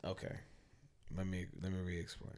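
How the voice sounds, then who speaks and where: A man with a fairly low voice, talking casually on a podcast. He keeps his voice quiet and low-key and tends to mumble, though he sometimes pushes his words out more firmly. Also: completely flat delivery, normal speed. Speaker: podcast co-host. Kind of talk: casual chat.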